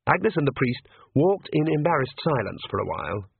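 A man narrates a novel in a measured, dryly wry way. His voice is husky, and the sound is dry and close. It comes through a thin, phone-like band. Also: a little high, very animated, no room sound. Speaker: audiobook narrator. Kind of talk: scripted narration. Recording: tinny phone-like audiobook recording.

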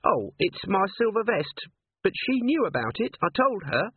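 A woman's voice: mid-range voice, sing-song, moderate pace, breathy edge, no echo, pitched above the performer's own voice, full character voice. A man voicing a nervous young female dwarf corporal who talks meekly and apologetically. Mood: panicky. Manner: meek, apologetic, polite. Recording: tinny phone-like, dry.

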